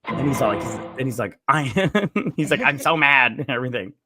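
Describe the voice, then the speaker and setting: A man's voice: mid-range voice, big pitch swings, normal speed, noisy background. A man hosting a casual movie review chat, retelling scenes in a rambling way with profane asides. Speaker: podcast host.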